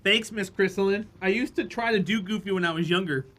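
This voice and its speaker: A man's voice: high-pitched, fairly quick, a bit bright. A man streaming a game live, chatting to his viewers in a rambling, easygoing way and laughing easily. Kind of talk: casual live-stream chat while gaming.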